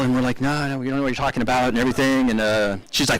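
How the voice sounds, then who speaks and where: A man's voice: mid-range voice, steady tone, rapid-fire, few pauses, a bit bright, poor audio. Man laughing through a rambling eulogy. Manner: laughing often, loose rambling anecdotes with fillers. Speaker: eulogy speaker. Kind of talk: casual storytelling eulogy. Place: memorial service.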